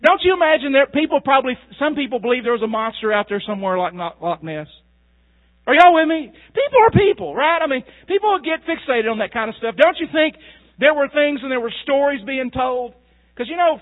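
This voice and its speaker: A man's voice: extremely high pitch, very animated, fairly quick. A man preaching a sermon, telling the story in a folksy way and asking the crowd questions. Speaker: pastor. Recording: tinny phone-like sound.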